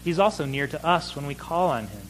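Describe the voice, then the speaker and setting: A man's voice: a little high, expressive, brisk, fairly bright tone, low-quality recording. Man in his thirties delivering a sermon, earnest, builds emphasis, faint background hum. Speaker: pastor.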